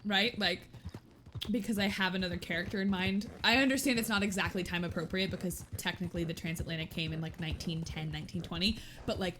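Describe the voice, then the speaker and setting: A woman's voice: on the low side, steady tone, quick pace, a bit bright. A woman in her thirties talks loosely to her stream between bits of a roleplay game. She jokes at her own expense, laughs easily and drops the odd swear word, with a faint hiss of noise under her voice. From Texas. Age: 30s. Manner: chatty and self-mocking, laughs often and swears casually. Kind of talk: casual chat.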